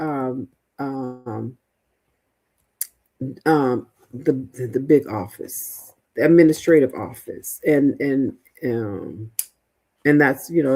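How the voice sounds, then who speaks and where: Middle-aged woman, livestream host, deep and mellow, unhurried, chatty and rambling. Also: breathy edge. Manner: chatty, rambling, many fillers and restarts. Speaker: livestream host, veteran housing mentor. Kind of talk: casual livestream chat reading viewer comments.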